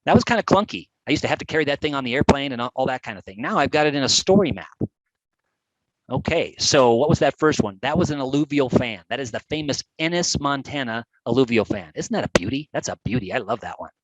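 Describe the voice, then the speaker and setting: A man giving a lively live webcast presentation on geography, chatty and animated. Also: mid-range voice, fast talker, dry recording, poor audio. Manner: animated, chatty, with playful put-on voices. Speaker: GIS educator presenting a webcast.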